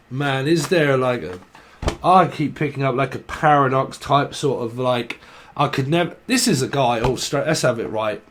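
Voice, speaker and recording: A man's voice: medium pitch, normal speed, fairly bright tone, a little hiss or hum. A man giving a casual, rambling tarot reading, swearing freely, chuckling and acting out people's inner voices. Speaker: tarot reader.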